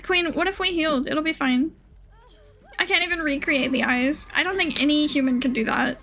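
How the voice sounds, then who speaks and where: A woman's voice: high voice, fairly quick, pushed and bright, slight background noise. A young woman streaming a game live, chatting casually, swearing freely and laughing a lot.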